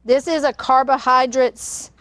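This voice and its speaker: A woman's voice: high voice, steady tone, a little slow, fairly bright tone, no room sound. An older woman, hosting a casual cooking demonstration and chatting in a rambling, storytelling way. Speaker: cooking show host. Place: kitchen studio.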